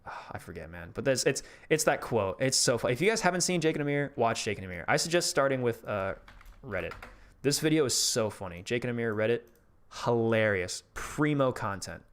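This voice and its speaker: A man's voice: medium pitch, lively intonation, brisk, smooth. A man hosting a casual live stream, chatting loosely as he rambles, swears often and laughs easily.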